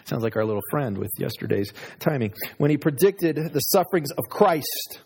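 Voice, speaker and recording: A man preaching a sermon, moving between loud, high exclamations and low, hushed asides. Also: expressive, moderate pace, hardly any pauses, breathy edge. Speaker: pastor.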